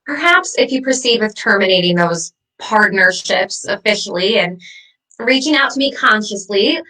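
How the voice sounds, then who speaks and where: A woman acting as a vengeful ghost who haunts her ex, taunting them with sharp, mocking wordplay in a comedy sketch. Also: medium pitch, far from the mic, rough recording.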